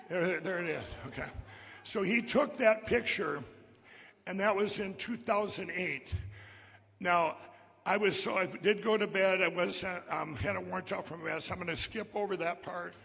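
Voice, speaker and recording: A man from Minnesota speaks high and gravelly, his voice rough and husky. He rambles through a personal testimony, restarting sentences and acting out the other people's lines. The sound carries the long echo of a large hall. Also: a bit bright. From Minnesota, USA. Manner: restless retelling, with many restarts, that acts out other people's lines. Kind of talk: rambling live storytelling to an audience.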